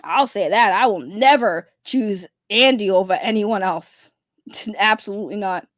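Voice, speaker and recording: A woman's voice: medium pitch, measured pace, no room sound, studio quality. A young adult woman streamer giving blunt, profane ranting commentary, repeating her points for emphasis.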